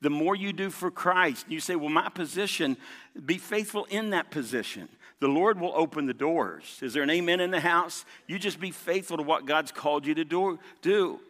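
The pastor's voice is a little high and a bit bright, moving at a moderate pace. He delivers an emphatic sermon, repeating key points and prompting responses from the congregation, in a large sanctuary whose big-hall reverb lingers long.

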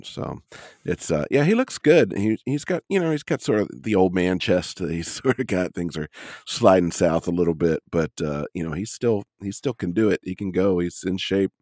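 A man's voice: low voice, lively intonation, normal speed, darkish tone, no room sound, studio quality. A man co-hosting a podcast, joking in a laid-back way about a wrestling match. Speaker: podcast co-host. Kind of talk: casual chat reviewing a wrestling match.

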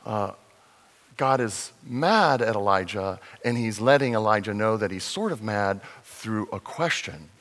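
A man preaching a sermon in a conversational way, slowing to stress points, with fillers and restarts. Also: on the low side, animated, a bit bright. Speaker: pastor. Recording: long reverb in a large hall.

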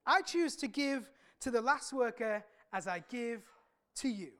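A woman voicing a calm, aloof male landowner who answers in a measured, firm way. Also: fairly high pitch.

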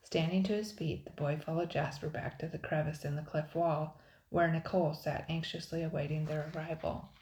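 Woman narrating a kids' adventure book, deep-ish voice, echoey room. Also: little pitch movement, fairly quick, darkish tone. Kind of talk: storybook reading. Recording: roomy echo.

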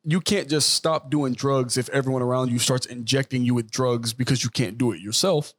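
A man's voice: mid-range voice, fairly even intonation, a little fast. A man co-hosting a podcast in casual chat, arguing his side and working out his reasoning as he talks. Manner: argumentative, restarts and reasons out loud. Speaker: podcast co-host.

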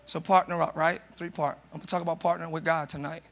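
A man preaching a live sermon as pastor, talking to the congregation in a loose, joking way and breaking into loud shouts. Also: on the high side, level tone, fast, vocal fry. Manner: conversational, jokey, bursts into shouts. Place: church sanctuary.

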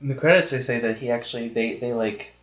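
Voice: mid-range voice, fairly even intonation, fast, roomy sound. A podcast co-host in a casual film review chat, teasing and playful.

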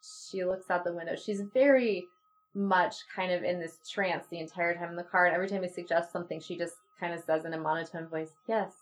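A woman's voice: fairly low pitch, a little fast. A woman co-hosting a podcast, casually recapping a classic TV episode and acting out quoted lines. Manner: animated, acts out quoted lines, laughs often. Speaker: podcast co-host.

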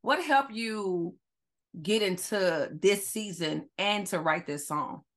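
A woman hosting a casual podcast interview, excited and chatty, often restarting her words. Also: mid-range voice, takes it slowly. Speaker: podcast host.

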